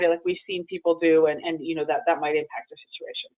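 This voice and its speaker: A woman's voice: lowish voice, quick pace, few pauses. Woman presenting over a phone line. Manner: conversational, with many fillers and restarts. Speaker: presenter on emotional well-being. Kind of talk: webinar presentation.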